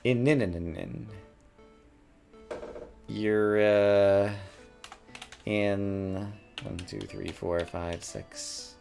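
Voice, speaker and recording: A man's voice: on the low side, steady tone, extremely slow, creaky, long pauses, a little mellow, faint music behind. A man thinking aloud as he plays a word puzzle game, musing and muttering words over to himself at a desk mic. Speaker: gaming YouTuber.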